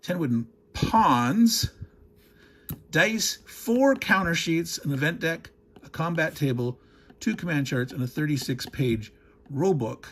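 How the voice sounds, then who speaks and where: A man's voice: on the high side, lively intonation, a little slow, fairly bright tone. A man hosting a board game unboxing, talking casually, wandering off into digressions and chuckling as he goes. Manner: rambling, digressive, chuckles often.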